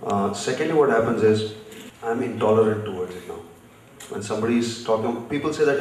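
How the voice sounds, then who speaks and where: A man's voice: fairly low pitch, fairly quick, a little mellow, a little hiss or hum. Blunt man in an echoey hall. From India. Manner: blunt, storytelling. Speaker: festival guest, author. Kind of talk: live panel conversation. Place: festival session stage, large hall. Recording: echoey hall, distant mic.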